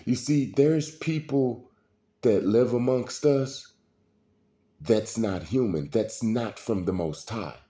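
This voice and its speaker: A middle-aged man, telling stories in a slow, preachy street style. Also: mid-range voice, dark tone. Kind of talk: casual storytelling monologue.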